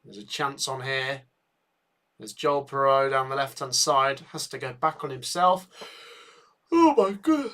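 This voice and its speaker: A man hosting a live football watchalong, chatting with viewers and getting excited at chances, a bit tired. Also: mid-range voice, measured pace. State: tired, yawning. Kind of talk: live match commentary and chat.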